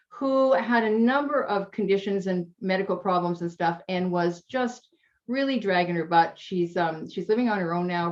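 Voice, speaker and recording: Female coach, interview guest; warm storytelling, emotional, slightly dull recording. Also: medium pitch. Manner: chatty, emotional, gets teary. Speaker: health coach.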